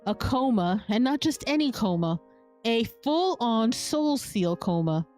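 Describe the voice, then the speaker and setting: A woman's voice: fairly high pitch, big pitch swings, measured pace, a little mellow, faint music behind. A woman voicing Mister Dietrich, a greedy scheming male sorcerer-shopkeeper who threatens and curses, from a game. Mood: angry scolding. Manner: smug, threatening, cursing.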